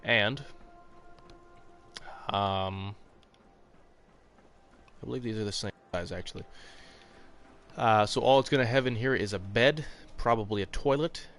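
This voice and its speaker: Chatty low-voiced male game streamer. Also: measured pace, pauses often, fairly bright tone, faint music behind. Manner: rambling, chatty, talks to viewers by name with frequent fillers; swears casually. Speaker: gaming streamer. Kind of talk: casual live-stream commentary.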